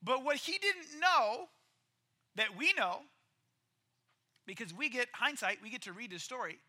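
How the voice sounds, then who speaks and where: A man preaching a casual, story-driven sermon in a lively, conversational way. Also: very high voice, unhurried. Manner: lively, conversational, acts out quoted characters.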